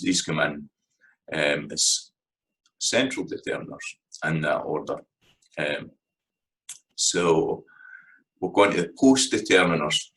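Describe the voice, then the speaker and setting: A Scottish man with an extremely low, deep voice talks through a lesson in a relaxed, conversational way. He fills his pauses with "um" and checks in often with "right?". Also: poor audio. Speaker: language teacher. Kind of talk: casual spoken lecture.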